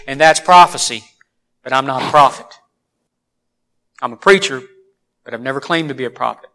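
A man preaching a sermon in a church, telling folksy stories that suddenly rise loud. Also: on the high side, clear, resonant tone.

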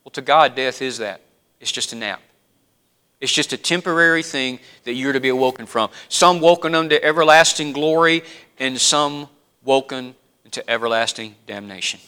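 A man preaching a sermon, dropping to a hush and then rising to loud, emphatic appeals. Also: medium pitch, normal speed, clear, resonant tone. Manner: preaching with wide swings from hushed to loud and emphatic.

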